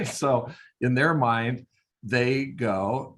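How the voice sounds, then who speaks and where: An older man, a veterinarian, telling casual stories with lively sound effects. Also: mid-range voice, moderate pace. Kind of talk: casual storytelling.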